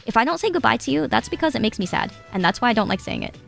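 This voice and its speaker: A woman's voice: on the high side, sing-song, very fast, creaky, fairly bright tone, soft background music. A young Japanese woman chatting casually to her live-stream chat, giggly and rambling, swearing now and then. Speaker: VTuber streamer.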